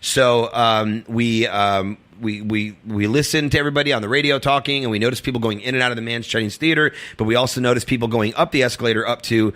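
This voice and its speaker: A man guesting on a talk show, telling a long rambling story, full of fillers and acting out quotes in a higher voice. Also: steady tone, fast talker, few pauses, fairly bright tone. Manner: rambling, filler-heavy, acts out quotes in a high voice. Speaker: comedian guest. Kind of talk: casual storytelling chat.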